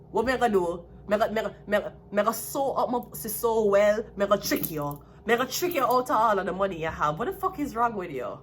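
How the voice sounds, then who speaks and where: A woman's voice: medium pitch, a little hiss or hum. A woman with a Jamaican accent giving a solo tarot reading, talking bluntly and with plenty of profanity. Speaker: tarot card reader.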